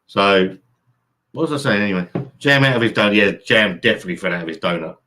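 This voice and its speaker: A man's voice: fairly low pitch, expressive, fast talker, pushed and bright. Rambling man on a live stream. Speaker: channel host. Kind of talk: casual live stream chat. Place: home room by an open window.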